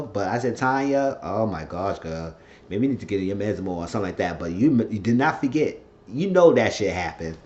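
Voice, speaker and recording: Profane, excitable man recapping a show. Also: medium pitch. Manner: retells scenes in quotes, profane asides, excitable. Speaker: TV episode recapper. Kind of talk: casual TV episode recap. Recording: dull lo-fi recording.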